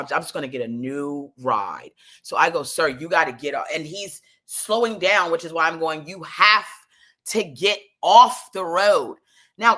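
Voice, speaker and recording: A woman telling a comic story in an animated, exasperated way, swearing freely. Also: very deep voice.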